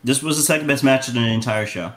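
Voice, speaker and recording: A man's voice: medium pitch, quick pace, a bit bright. A man co-hosting a podcast, casually reviewing a wrestling match and giving it scores, rambling with likes and you-knows. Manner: rambling with fillers, giving ratings. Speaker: podcast co-host.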